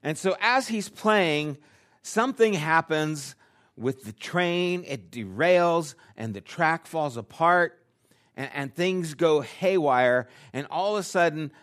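An older man, a grandfather, preaching a sermon and telling a personal story, acting out his own lines and dropping to a hushed delivery at times. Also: fairly high pitch. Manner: drops to a hushed, quiet delivery. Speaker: pastor.

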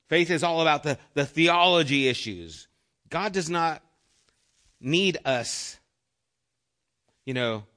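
A middle-aged man preaching a sermon as pastor, earnest and conversational, asking the room questions and letting phrases drop soft. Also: medium pitch.

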